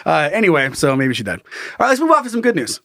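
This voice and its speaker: Podcast dude, kinda high voice that jumps all over, cursing and giggling, dry close mic. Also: male voice, wildly swooping pitch, fast, bright, forceful tone, dry recording. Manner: crude, giggly storyteller, acts out voices. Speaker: podcast co-host. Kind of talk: casual comedic chat.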